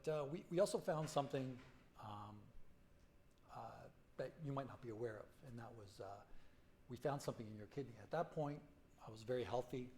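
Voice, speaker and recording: A man in his forties telling his own story to a symposium audience, halting and emotional, full of restarts and fillers. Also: medium pitch, darkish tone, a little hiss or hum. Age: 40s. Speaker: patient speaker at a medical symposium. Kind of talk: personal story told to an audience. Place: conference hall.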